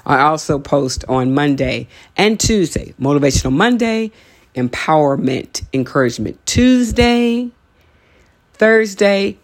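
A podcast host giving a motivational talk, urging listeners on with emphatic, repeated lines and the odd joking aside. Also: male voice, fairly high pitch, big pitch swings, unhurried. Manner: emphatic, repetitive exhortations.

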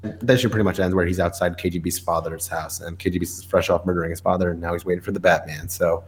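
Low-voiced New guy rambling. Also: level tone, fast. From New York. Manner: rambling, filler-heavy recap. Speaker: podcast co-host. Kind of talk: casual chat.

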